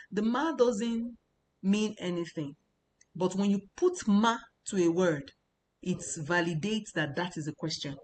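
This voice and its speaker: Woman, low voice, patient repetitive explaining, language teacher, faint rumble behind. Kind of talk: explaining Chinese lesson.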